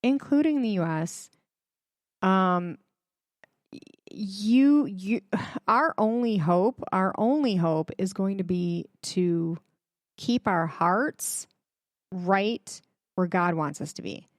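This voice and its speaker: Slow-talking woman host, dry sound. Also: mid-range voice, lively intonation, no echo. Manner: chatty, emphatic, many fillers; addresses viewers directly. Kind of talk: casual religious commentary.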